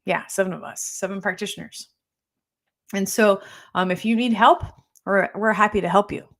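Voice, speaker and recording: A woman's voice: medium pitch, moderate pace, vocal fry, fairly bright tone. A middle-aged woman, a health practitioner, answering viewer questions in a casual live talk while her nose runs a little. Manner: casual, conversational, tags points with "right?". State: runny nose.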